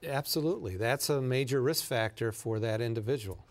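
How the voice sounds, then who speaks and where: A man who is a doctor answers health questions as a studio guest. He explains carefully and stops and restarts often. His voice sits at an even mid pitch. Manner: measured, halting, explanatory. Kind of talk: answering questions on a talk show.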